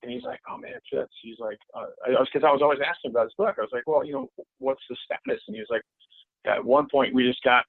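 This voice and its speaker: This middle-aged man, a guest on a podcast, has a medium-pitched voice with vocal fry. He chats casually in the interview, swearing freely and repeating himself, over a dry, tinny connection that sounds like a phone line.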